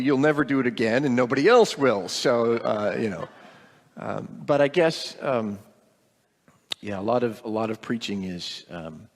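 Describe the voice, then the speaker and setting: A man's voice: mid-range voice, big-room sound. A middle-aged man, a pastor, casually reporting on a mission trip to his congregation, rambling with many ums and light jokes.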